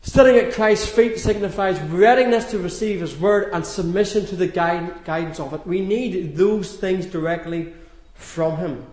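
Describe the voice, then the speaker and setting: A man's voice: high voice, normal speed, a little mellow, roomy sound. A man giving a sermon in a chatty, homely storytelling manner with light humour. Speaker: preacher.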